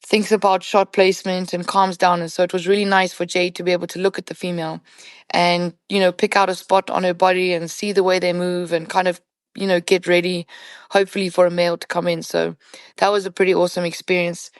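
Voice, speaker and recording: A woman who works as a professional hunting guide, a podcast guest retelling a night hunt in animated, conversational storytelling full of "you know" fillers. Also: fairly low pitch, brisk, no room sound.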